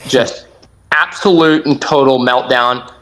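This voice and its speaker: A man guesting on a podcast, telling a hunting story with excited, animated energy and acting out his own shouts. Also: medium pitch, slow pace, rough recording. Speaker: podcast guest, duck hunter.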